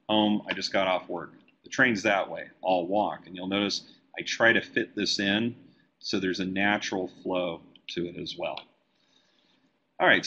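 A man who letters comic books, teaching a live software tutorial and talking easily as he works on screen. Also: low-pitched, dull audio. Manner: relaxed, talks while working on screen. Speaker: comic book letterer and design educator.

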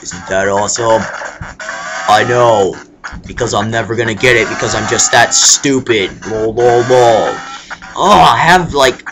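A man's voice: lowish voice, normal speed. A young man gives rambling, crude casual commentary while playing a game, breaking into sudden yelps. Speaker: let's play gamer. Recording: game music playing loudly behind.

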